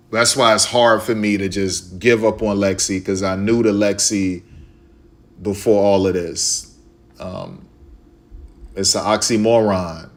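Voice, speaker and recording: A man from Chicago streaming live, talking casually and repetitively to his viewers, with a preachy way of speaking. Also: deep voice.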